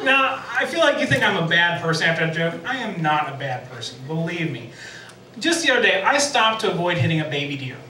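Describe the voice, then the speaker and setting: Bright-voiced comic in an echoey bar. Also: male voice, a little high, recorded from a distance, slight background noise. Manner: self-deprecating, deadpan jokes with quick laughs. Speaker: stand-up comedian and emcee. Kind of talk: stand-up comedy set. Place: sports bar stage.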